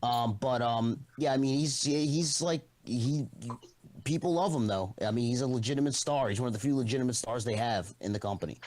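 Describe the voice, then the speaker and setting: A man's voice: medium pitch, a little fast, darkish tone. A man chatting casually on a video call, restarting his sentences often and swearing as he goes. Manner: hesitant, restarts often, profane. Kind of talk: casual chat.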